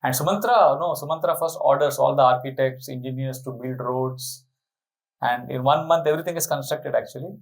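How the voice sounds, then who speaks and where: Man, sermon storyteller, animated, asks the crowd questions. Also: mid-range voice, fairly quick, vocal fry, rough recording. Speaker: spiritual speaker.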